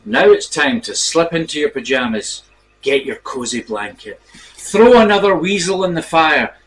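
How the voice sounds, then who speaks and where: A man's voice: on the high side, big pitch swings, normal speed, faint music behind, rough recording. A man hosting a comedy show, making theatrical, showman-like introductions. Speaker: show host. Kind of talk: comic radio-style announcing.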